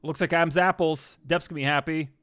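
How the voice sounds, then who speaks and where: A man chatting casually on a live stream, reading viewer comments and swinging between loud excited outbursts and soft asides. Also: fairly high pitch, fast talker, clean tone, no room sound, faint music behind.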